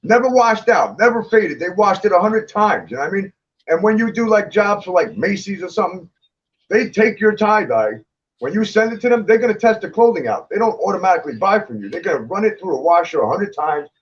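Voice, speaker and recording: High-voiced blunt, profane man. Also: animated, brisk, muffled recording, a little hiss or hum. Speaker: guest, clothing designer. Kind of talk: casual chat.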